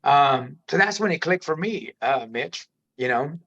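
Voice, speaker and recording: A middle-aged man with a gravelly, sharp voice, pitched a little high for a man. He rambles through a personal story as a podcast guest, restarting his sentences and calling the host "man". The audio sounds dull and lo-fi. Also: expressive, a little slow. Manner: rambling, frequent restarts, says "man" often.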